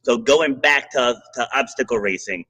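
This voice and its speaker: A man hosting a podcast who tells a coaching story in a lively, casual way, chuckling now and then. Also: medium pitch, moderate pace, slightly rough, rough recording. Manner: animated anecdote with chuckles.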